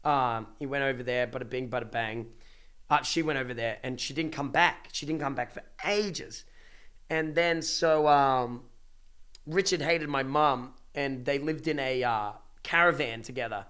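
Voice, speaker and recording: A young man, a streamer casually telling a family story to his live chat, emphatic and repetitive, swearing freely. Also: mid-range voice. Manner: animated, emphatic repetitions and dramatic pauses.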